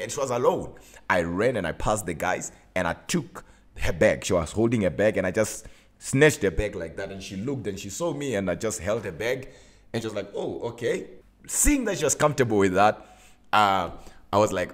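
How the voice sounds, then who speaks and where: Deep husky man telling a story. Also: moderate pace. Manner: animated, emphatic, talks to his audience. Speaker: minister. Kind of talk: personal storytelling to camera.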